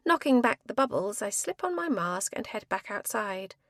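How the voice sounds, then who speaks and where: A woman narrating a first-person thriller audiobook in a lively, expressive reading. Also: medium pitch, moderate pace, no room sound, studio quality.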